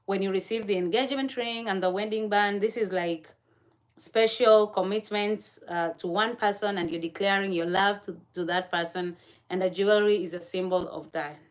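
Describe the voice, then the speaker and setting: A woman hosting a casual livestream chat, talking straight to her viewers, laughing often and filling pauses with "uh" and "um". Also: medium pitch. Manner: chatty, laughs often, many fillers; talks to chat viewers directly. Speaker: livestream host.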